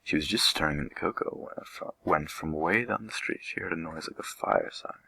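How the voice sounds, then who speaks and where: Very deep gravelly man reading a storybook. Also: poor audio. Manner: gentle, unhurried reading with light voices for characters. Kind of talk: children's book read aloud.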